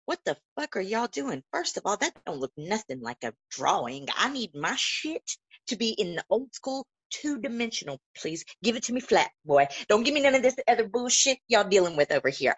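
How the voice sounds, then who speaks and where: A woman in her thirties hosting a podcast in casual, profane, animated chat, with loud laughs. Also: medium pitch, slightly rough. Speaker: podcast host. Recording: dull lo-fi audio.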